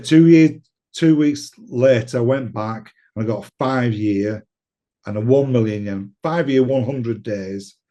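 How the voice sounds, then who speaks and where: A man's voice: fairly low pitch, warm tone, dull audio. A British man telling a story in a casual interview, swearing often and laughing as he talks. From United Kingdom. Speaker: interview guest.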